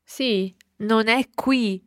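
A woman's voice: on the high side, extremely slow, no room sound, clean studio sound. A woman co-teaching a podcast language lesson who models phrases and encourages the learner's answers. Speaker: co-host teacher.

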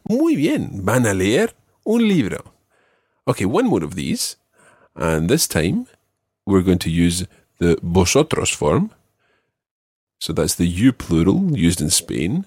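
A man teaching a language lesson, patiently quizzing a student and repeating each phrase clearly. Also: sits low, wildly swooping pitch, slow pace, long pauses, a little mellow, no room sound, studio quality. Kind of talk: guiding a student through a spoken quiz.

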